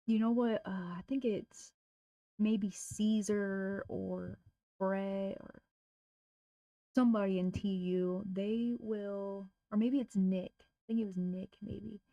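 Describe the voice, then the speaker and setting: A woman's voice: medium pitch, fairly even intonation, slow pace, mellow, no echo. Blunt, slangy woman on a dry, muffled mic. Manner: blunt, slangy, talks to herself. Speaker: real estate cold caller. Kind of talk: casual livestream chat while making calls.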